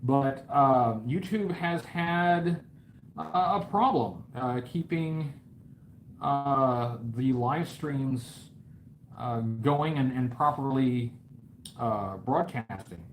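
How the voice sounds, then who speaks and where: A man's voice: medium pitch, very slow, slight background noise, poor audio. A man hosting a toy review channel chats casually on a live stream while he draws. He jokes in a mock-grand, bragging way and rambles with many fillers.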